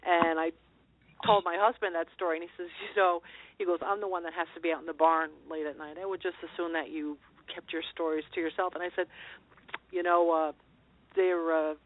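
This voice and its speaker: A woman's voice: fairly low pitch, little pitch movement, brisk. A middle-aged woman, a guest on a call-in interview, telling personal stories in an earnest, meandering way. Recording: tinny phone line, dry.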